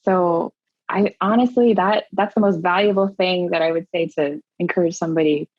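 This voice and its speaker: A woman's voice: on the low side, fairly even intonation, moderate pace, dry recording, highs cut off. A woman alumni panelist speaking earnestly and enthusiastically in a panel discussion.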